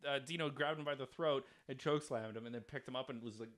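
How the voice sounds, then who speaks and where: A man hosting a comedy podcast, originally from Canada, telling animated stories and acting out hecklers in casual chat. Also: medium pitch, quick pace. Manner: animated storyteller, acts out hecklers.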